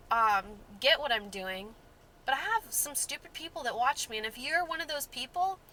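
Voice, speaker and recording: A woman's voice: on the high side, pushed and bright, slight background noise, rough recording. A woman vlogging casually from a car, annoyed and exasperated, with sarcastic asides. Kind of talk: casual vlog rant.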